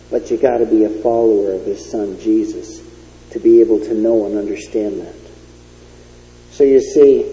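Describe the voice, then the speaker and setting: A man's voice: medium pitch, dark tone. A man preaching a sermon with an emphatic, storytelling delivery. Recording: dull lo-fi recording in an echoey hall.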